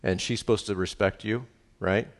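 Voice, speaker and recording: A man, a pastor, preaching a sermon in a lively, conversational way, often checking in with the congregation. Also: fairly low pitch, normal speed, in a large hall. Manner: lively, conversational preaching with frequent "right?" asides.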